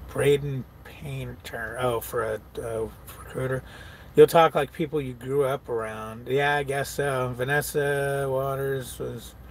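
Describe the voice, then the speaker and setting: A truck driver chatting casually on a live stream, reading viewer comments aloud and answering them, swearing freely and laughing often. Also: male voice, mid-range voice, slight background noise.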